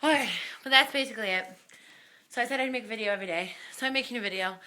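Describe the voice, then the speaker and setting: A woman's voice: fairly high pitch, very fast, pushed and bright. A young woman house-sitting, out of breath, chatting and cooing at pets while she films indoors on a handheld camera. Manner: bubbly, talking baby talk to pets. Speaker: vlogger. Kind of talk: casual home vlog.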